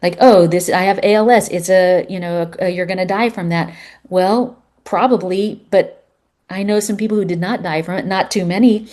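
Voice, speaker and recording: A middle-aged woman guest on a podcast, telling a personal story in an earnest, animated way with plenty of fillers. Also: mid-range voice, normal speed. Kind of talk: storytelling in conversation.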